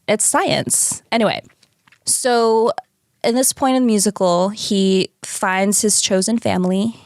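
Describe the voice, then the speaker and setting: Recapping a musical in a casual podcast chat, this co-host speaks a little slowly in a medium-pitched woman's voice. Her telling is animated and playful, packed with swearing and acted-out characters, on a clean studio recording without echo.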